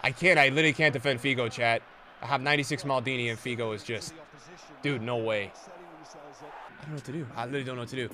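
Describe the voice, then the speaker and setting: A young man streaming a football video game, chatting casually with his viewers and swinging from low mutters to excited shouts, full of slang. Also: quick pace, long pauses. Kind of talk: live gameplay commentary.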